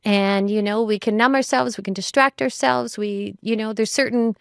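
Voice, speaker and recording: A woman's voice: a little high, fairly even intonation, normal speed, gravelly, clear, resonant tone, no room sound, studio quality. A woman who is a mother, talking as a guest in a reflective conversation, thoughtful and full of "you know" and "like" fillers.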